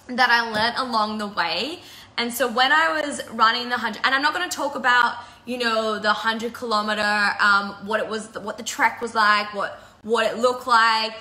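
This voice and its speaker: Chatty woman with a bright, echoey voice. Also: on the high side. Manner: emotional, laughing through tears, chatty. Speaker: break-up counsellor and channel host. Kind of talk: casual talk on a live video.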